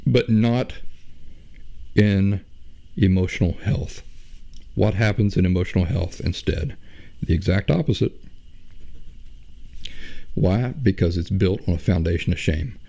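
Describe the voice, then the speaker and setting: A man's voice: on the low side, vocal fry, mellow. A man hosting a solo talk, explaining his ideas with rhetorical questions and repeating phrases for emphasis. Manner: explanatory, poses rhetorical questions and answers them. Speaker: podcast host. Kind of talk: solo talk on emotional health.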